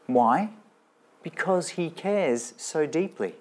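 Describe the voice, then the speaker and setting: A man's voice: on the high side, expressive, slow, a little mellow. A man preaching a sermon in a church, talking in a conversational way and asking his listeners rhetorical questions. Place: church with slides shown.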